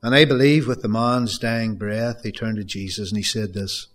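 A man's voice: on the low side, steady tone, normal speed, few pauses, fairly bright tone. A middle-aged man preaching a sermon, telling a story and repeating phrases for emphasis. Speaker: pastor.

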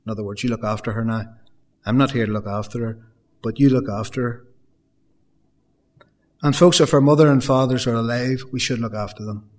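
A man delivers a sermon to his congregation. His pitch sits in the middle range for a man. He preaches earnestly and builds emphasis by repeating phrases. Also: steady tone, a little fast, long pauses, a little mellow. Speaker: pastor.

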